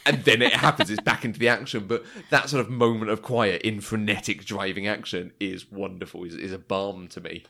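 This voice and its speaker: A man with a slightly low voice chats casually about films. He is enthusiastic, laughs often and sometimes slips into quoted lines. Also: steady tone, brisk, vocal fry, hardly any pauses, bright, forceful tone, slight background noise. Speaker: podcast co-host. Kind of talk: casual film discussion.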